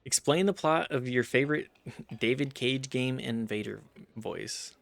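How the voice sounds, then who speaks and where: Guy streaming a game, lots of vocal fry, rambly, jokes about himself. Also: medium pitch, unhurried. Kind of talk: casual gaming chat.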